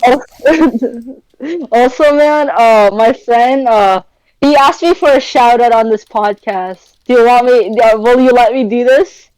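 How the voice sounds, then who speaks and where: A young woman with a high, bright-sitting voice tells a rambling story on a casual podcast, stacking fillers and slangy asides. The sound is close and dry, with no room around it. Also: slow pace, clear, resonant tone, no echo, poor audio. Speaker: podcast co-host. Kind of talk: casual chat.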